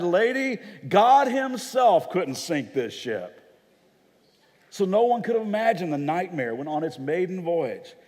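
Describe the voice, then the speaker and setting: A pastor preaching a sermon, telling stories vividly and acting out the voices of people in them. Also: male voice, a little high, a little mellow, in a large hall. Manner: dramatic storytelling, acts out quoted voices. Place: church hall.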